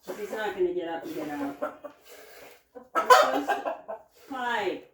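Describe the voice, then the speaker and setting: A woman homesteader chatting casually while milking her goats, sliding into a high sing-song coaxing voice when she talks to her animals. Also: big pitch swings, unhurried, a crowd in the background. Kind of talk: casual chat while doing farm chores. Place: indoor barn or milking shed with chickens. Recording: roomy barn, distant mic, faint clucking. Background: chickens clucking.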